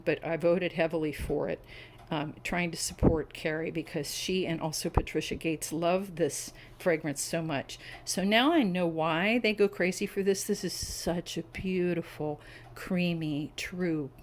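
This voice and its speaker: A middle-aged woman talks casually to a camera on a tripod at home, her voice sitting a little low. She gushes over details with warm enthusiasm. A faint hum of room ambience lies under her voice. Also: low-quality recording. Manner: chatty and enthusiastic, savoring scent descriptions. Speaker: wax melt reviewer. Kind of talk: casual product review vlog.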